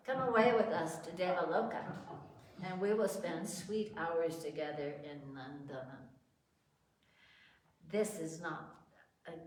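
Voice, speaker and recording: A woman reading aloud as a pair of flattering young male twin gods, in a coaxing manner, heard from far off in an echoey room. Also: lowish voice, natural voice.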